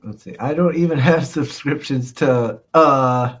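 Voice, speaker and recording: A man's voice: medium pitch, slow, hardly any pauses. A man hosting a casual live stream, reading chat aloud and rambling in reply with frequent chuckles. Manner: rambling, chuckling, lots of "uh, let's see" fillers.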